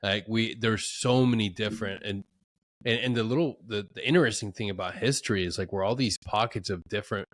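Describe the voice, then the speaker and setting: A man hosting a podcast, chatting in a relaxed, laid-back way with casual slang. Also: lowish voice, brisk, dry recording, clean studio sound. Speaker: podcast host. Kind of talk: casual conversation.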